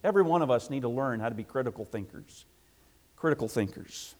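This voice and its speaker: Male preacher, sermon, high voice, emphatic, repeats his points, loud then hushed.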